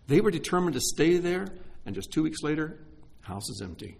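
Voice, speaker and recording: A middle-aged man delivers a sermon in a slightly husky voice. His pitch moves a lot, dropping to hushed, heartfelt asides and rising into excited exclamations. He talks with open emotion. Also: a little fast. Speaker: pastor.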